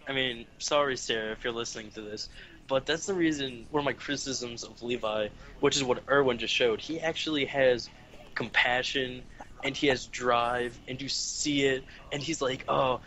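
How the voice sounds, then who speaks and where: A man's voice: medium pitch, fairly even intonation, moderate pace, bright, forceful tone. A young man co-hosting a casual fan podcast, teasing the others and laughing often. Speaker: podcast co-host. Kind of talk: casual chat. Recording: lo-fi audio with faint noise.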